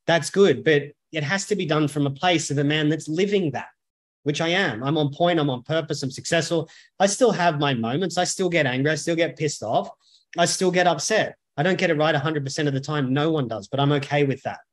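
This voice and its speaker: A man's voice: a little high, a little fast. A man, speaking as a men's coach and podcast guest, talking bluntly and emphatically with frequent swearing. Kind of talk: podcast interview conversation.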